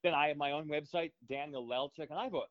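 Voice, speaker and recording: Male guest musician, halting chatty delivery, dull dry remote-call sound. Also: fairly high pitch, dry recording. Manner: halting, many restarts and fillers. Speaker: guest cellist. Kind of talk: casual interview chat.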